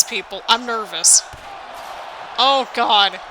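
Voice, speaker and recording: A woman giving excited, anxious play-by-play commentary over a wrestling video game, exclaiming often and talking to viewers as "people". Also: fairly high pitch, unhurried, some chatter behind, slight background noise, poor audio. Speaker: gaming video host.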